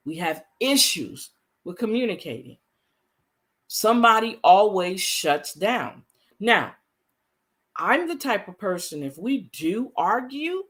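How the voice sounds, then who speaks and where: A woman's voice: mid-range voice, fairly bright tone. A woman vlogger speaking earnestly in a casual, conversational way, repeating her points for emphasis and using folksy phrasing with frequent fillers. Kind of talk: casual talk to camera.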